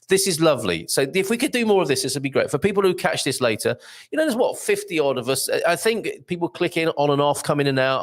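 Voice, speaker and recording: A man hosting a casual live stream, reading viewer comments aloud in a chatty, rambling way with lots of fillers. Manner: chatty, rambling, lively pitch, many fillers.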